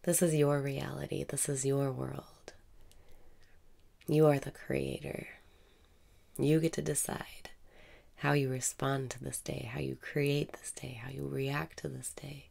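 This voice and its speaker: A woman leading a guided meditation, speaking slowly and softly, often dropping into a half-whisper. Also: a bass voice, level tone, creaky.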